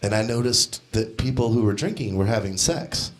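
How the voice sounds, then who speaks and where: A young man doing a stand-up comedy set on a club stage, deadpan, now and then shouting out the lines of the people in his stories. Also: lowish voice, moderate pace. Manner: deadpan, acts out quoted characters with shouted voices. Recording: live club set with crowd laughter. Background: audience laughter.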